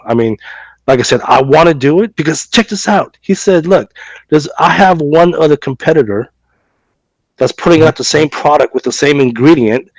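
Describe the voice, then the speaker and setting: This podcast co-host has a slightly high voice with a darkish tone and is recovering from a cough and fever. He chats through a long story, acting out both sides of a conversation and leaning on fillers, repeated words and restarts. The recording is dry and low quality.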